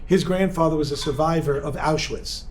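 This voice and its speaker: A male rabbi giving an energetic, joking seminar talk and bantering with a live audience in a room. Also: on the high side, moderate pace, slight background noise. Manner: energetic, joking, talks with the crowd.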